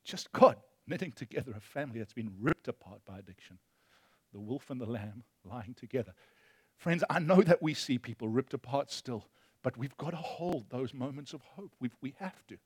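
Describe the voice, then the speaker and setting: A male pastor preaching a sermon, impassioned, moving between loud emphasis and hushed storytelling. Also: mid-range voice, expressive, moderate pace, husky, no room sound, clean studio sound.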